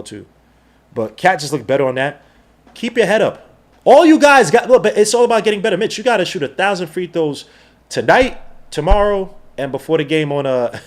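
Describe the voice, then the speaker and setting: A man hosts a live basketball watch-along, talking fast and slangy like an excited fan. His voice sits high and swings up and down a lot. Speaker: podcast host.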